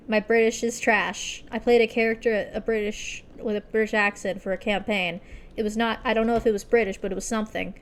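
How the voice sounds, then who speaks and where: A woman's voice: a little high, flat delivery, brisk. A young woman streamer chatting casually and self-deprecatingly while playing, muttering at the game.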